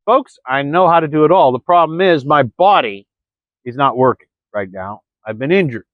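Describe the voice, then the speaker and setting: Man, rambling vlog monologue, repeated words, fairly high voice, muffled lo-fi audio. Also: expressive, moderate pace, no room sound. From Florida. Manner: rambling, repeats words, addresses listeners as folks. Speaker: vlogger. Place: early morning, indoors or near the camera. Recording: dry, dull lo-fi sound.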